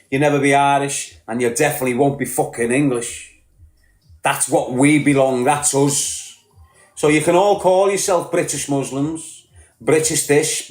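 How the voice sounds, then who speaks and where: A man's voice: on the high side, darkish tone, reverberant. A man with a Liverpool accent ranting bluntly on a podcast, combative and full of swearing. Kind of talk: heated podcast rant.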